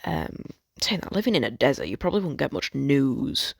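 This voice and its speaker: A man's voice: medium pitch, sing-song, fairly quick, vocal fry, slightly rough, no room sound, studio quality. A man rambling through a fan story, swearing a lot, cutting himself off and joking about it. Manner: rambling, sweary, self-interrupting, jokey.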